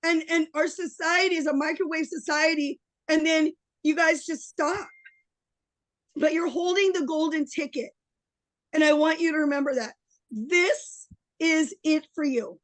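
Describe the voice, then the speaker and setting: A middle-aged woman with a high voice delivers a fervent, emotional webinar pep talk, her voice a little worn from daily sessions. The sound is dry and close. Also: a little slow, no room sound, low-quality recording. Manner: impassioned, emotional, preachy. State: losing her voice. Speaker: online business coach.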